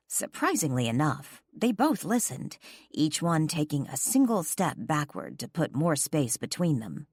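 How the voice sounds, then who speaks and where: A woman narrating a first-person romance audiobook, expressive and sharp-tongued in dialogue. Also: deep voice, a little slow, no room sound, studio quality.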